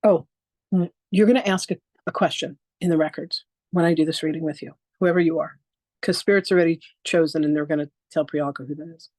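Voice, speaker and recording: A woman's voice: low-pitched, fairly even intonation, brisk, darkish tone, no room sound. A woman in her sixties teaching a live online masterclass on spiritual practice. She tells stories with animation, acts out quoted exchanges, and speaks frankly and emphatically, sometimes swearing. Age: 60s.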